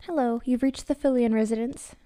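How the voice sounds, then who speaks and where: A woman's voice: mid-range voice, moderate pace, warm tone, lightly acted. A woman voicing a frightened older mother who stammers and shakes as she speaks. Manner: stammering, shaky, rising in panic.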